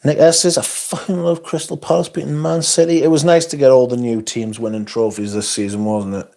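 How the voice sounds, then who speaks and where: Sweary livestream host. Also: male voice, medium pitch, level tone, a little fast, gravelly, warm tone. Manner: blunt and sweary, with frequent asides. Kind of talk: casual livestream chat, reading viewer comments aloud. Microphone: phone.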